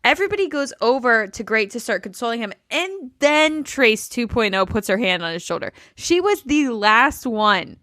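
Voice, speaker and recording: A woman co-hosting a podcast in casual chat, her pitch swinging widely as she acts out what people said. Her voice is bright and a little high, recorded dry and close. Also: moderate pace, hardly any pauses, no room sound. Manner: animated, acts out quotes of the cast. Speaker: podcast co-host. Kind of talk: casual chat recapping a reality show.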